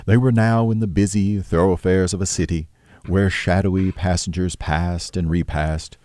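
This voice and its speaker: A man narrating a classic novel as an audiobook, with a steady, measured delivery. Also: low-pitched, dry recording, studio quality.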